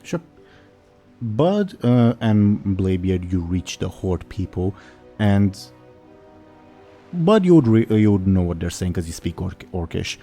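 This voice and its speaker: A man's voice: low-pitched, very animated, measured pace, long pauses, warm tone, faint music behind. A man narrating as game master of a tabletop role-playing game, explaining rules and describing scenes. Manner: explains rules and voices orcs in quoted lines.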